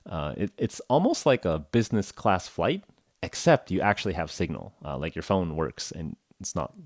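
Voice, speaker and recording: Male podcast host, low voice with lively swings, joking, filler-heavy casual chat. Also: normal speed, no room sound, clean studio sound. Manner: rambling, jokey, heavy with "like" and "uh". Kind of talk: casual chat for English learners.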